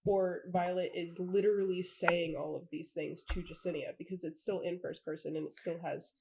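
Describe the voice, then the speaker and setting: A lower-pitched woman talks through a fan theory in a relaxed book chat, filling her sentences with "like" as she thinks aloud. A light hiss sits faintly under her voice. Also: moderate pace. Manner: chatty, theorizing, lots of "like". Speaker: book podcast co-host. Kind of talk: casual book discussion.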